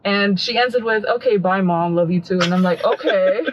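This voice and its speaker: A woman's voice: mid-range voice, moderate pace, a little hiss or hum. A woman tattoo artist on a podcast, telling stories casually and acting out what people said. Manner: animated, acts out quoted voices. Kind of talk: casual storytelling.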